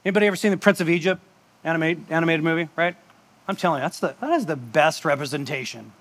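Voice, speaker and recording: Casting: a chatty preacher, high voice, jokey asides. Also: male voice, fast talker, fairly bright tone. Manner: conversational, joking, with asides and laughs. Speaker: pastor. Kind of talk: sermon.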